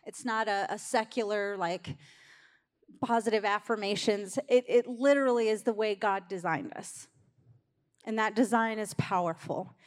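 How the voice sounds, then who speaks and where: A woman's voice: mid-range voice, normal speed. A woman pastor preaching a sermon in a church, talking conversationally and urging the congregation along. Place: church sanctuary. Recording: long hall reverb in a church.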